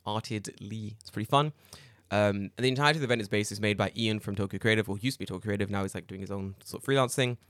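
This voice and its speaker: Podcast dude, chatty and animated, laughs a lot, dry close mic. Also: male voice, on the low side, very fast, no room sound. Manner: animated storyteller, laughs often, acts out quotes. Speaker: podcast co-host. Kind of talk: casual chat.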